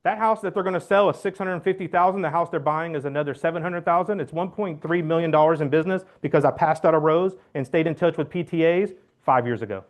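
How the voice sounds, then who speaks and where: A man giving a loud, blunt, joking talk to his real estate team, acting out phone calls as he goes. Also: fairly high pitch, fast talker, few pauses. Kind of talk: motivational team meeting talk. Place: meeting room.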